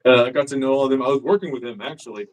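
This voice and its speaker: A man with a mid-range voice talks very fast over poor audio. As a guest in a casual live-streamed chat, he tells a profane, animated story, performing the quotes of the people in it.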